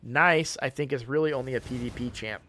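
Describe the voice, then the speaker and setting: A man's voice: medium pitch, fairly quick, bright, forceful tone, slight background noise. A man chatting casually on a game live stream, sleepy and yawning, rambling with frequent restarts.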